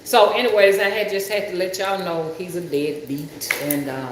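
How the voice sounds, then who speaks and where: A woman's voice: lowish voice, steady tone, moderate pace. Teasing, chatty older woman live-streaming. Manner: chatty, teasing, laughs often. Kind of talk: casual live-stream chat. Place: hot kitchen at home. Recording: echoey room with background noise.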